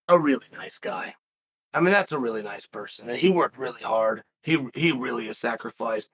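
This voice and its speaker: A man's voice: medium pitch, moderate pace, a bit bright, breathy edge. A man hosting a fight-sports commentary show, telling stories in a rambling, emphatic way and breaking off to direct his son off camera. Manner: emphatic, repeats phrases for effect. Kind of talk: casual commentary and storytelling.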